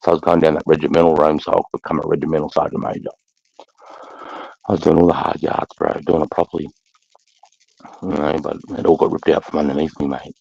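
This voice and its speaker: An Australian army veteran hosting a casual livestream chat, blunt and full of swearing, calling everyone mate and bro. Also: male voice, extremely low pitch, level tone, fast talker, gravelly, pauses often, warm tone, slightly rough, no room sound. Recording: dull lo-fi sound.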